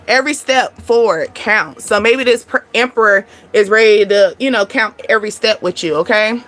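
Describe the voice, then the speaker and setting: A woman doing a casual tarot reading, chatty and animated, breaking into laughter as she tells stories. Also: mid-range voice, normal speed. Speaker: tarot reader.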